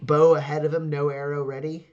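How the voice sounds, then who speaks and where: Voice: mid-range voice, little pitch movement, brisk, darkish tone, highs cut off, soft background music. A game master narrating a tabletop game in a loose, rambling way, full of fillers and laughter.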